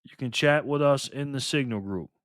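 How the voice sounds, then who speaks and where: A man's voice: mid-range voice, normal speed, no room sound, studio quality. A man in his fifties hosting a live stream, chatting casually with viewers and reading their comments aloud in loose, streetwise talk. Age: 50s.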